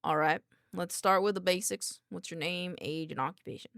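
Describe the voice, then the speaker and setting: A woman's voice: mid-range voice, steady tone, rapid-fire, vocal fry, a little mellow, no echo, clean studio sound, close to an everyday voice. A woman voicing a nerdy male head researcher with a nasal voice, politely formal and apologetic.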